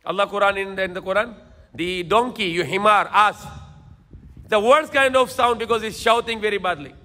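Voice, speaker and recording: A man's voice: sits high, normal speed, pushed and bright, in a large hall. A man preaching a sermon lecture in emphatic, repetitive phrases, now and then switching into Tagalog. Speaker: Islamic preacher.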